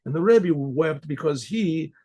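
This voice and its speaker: A man, a rabbi, telling a Chassidic story in a conversational way, clearing his throat often. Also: a little high, expressive, a little slow, dark tone.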